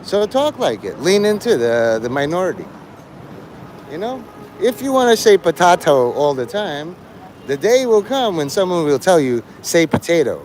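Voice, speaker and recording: A man's voice: high voice, sing-song, normal speed, darkish tone, slight background noise. Mocking, sing-song male streamer. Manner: mocking, sarcastic, profane. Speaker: live streamer. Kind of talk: rambling livestream banter.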